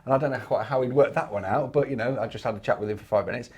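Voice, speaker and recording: A man's voice: mid-range voice, rapid-fire, a little mellow, slightly rough. An English man co-hosting a casual property talk show, rambling and restarting as he tells stories. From England. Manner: rambling, repeats words and restarts, storytelling. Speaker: property investment podcast co-host. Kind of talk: casual chat.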